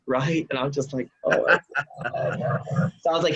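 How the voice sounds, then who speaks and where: A man guest on a podcast, telling a personal story in an animated way and acting out the voices of the people in it. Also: mid-range voice, moderate pace, pauses often, dull audio. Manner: acts out quoted voices.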